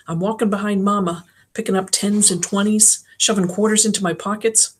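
A woman's voice: medium pitch, fairly even intonation, fairly quick, hardly any pauses, a little hiss or hum. A woman reading a novel aloud as an audiobook, narrating in the first person. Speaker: audiobook reader.

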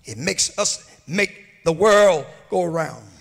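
A pastor preaching a sermon, rising into sung and shouted peaks, recorded in a church sanctuary. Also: male voice, on the high side, expressive, slow pace, creaky. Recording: hall reverb from a church livestream.

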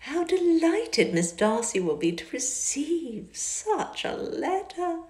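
Woman putting on a fawning high-voiced society lady, sing-song and gushy, bit breathy, echoey car sound. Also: sing-song, slow, a little mellow, heavily acted. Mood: gushing. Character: haughty flattering young society lady.

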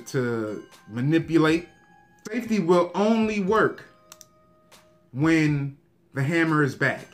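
A man casually reviewing a handgun, talking straight to his viewers in a relaxed, slangy way. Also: mid-range voice. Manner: laid-back, slangy, talks to viewers directly. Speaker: gun review vlogger. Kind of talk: casual show-and-tell review.

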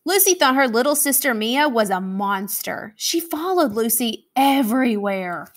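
A woman with an American accent reading a children's picture book aloud, expressive and animated, taking on voices for the characters. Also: a little high, unhurried. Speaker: school academic coach reading aloud. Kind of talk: children's storybook read-aloud.

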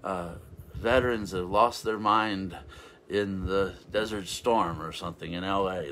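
Rambling low-voiced male minister. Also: a bit bright. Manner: rambling, halting restarts, frequent hallelujahs. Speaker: revival minister. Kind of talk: informal sermon talk.

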